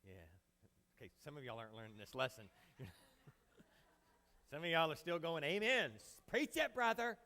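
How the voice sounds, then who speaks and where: A man's voice: mid-range voice, animated, normal speed, long pauses, pushed and bright. A male pastor preaching a conversational sermon with a handheld mic, casual and joking with the congregation. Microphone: handheld microphone.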